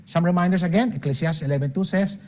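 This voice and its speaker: Fast-talking older Filipino man, emphatic. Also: high voice, darkish tone. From Philippines. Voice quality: emphatic, punctuates points with "okay?". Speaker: financial speaker. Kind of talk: seminar talk mixing English and Tagalog.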